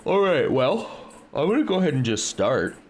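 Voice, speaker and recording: A man's voice: fairly high pitch, big pitch swings, moderate pace, a little mellow, slight background noise. A man from the United States hosting a live stream, chatting casually and greeting viewers by name. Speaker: livestream host.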